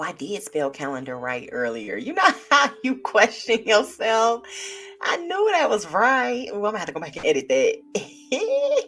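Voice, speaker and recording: A low-voiced woman hosts a live tarot reading stream from home, chatting loosely and animatedly with viewers. She calls them y'all and child, and faint music plays under her talk. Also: a bit bright. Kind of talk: casual live-stream chat.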